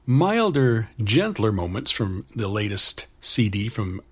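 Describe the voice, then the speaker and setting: A man hosting a music radio show, back-announcing songs in a relaxed, chatty way with wry asides. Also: on the low side, slow pace, breathy edge.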